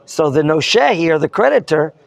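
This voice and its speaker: Gravelly rabbi quizzing his class. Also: fairly high pitch, big pitch swings, normal speed, dry recording. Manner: questions the students and prompts answers; mixes in Hebrew terms. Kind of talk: interactive Torah lesson.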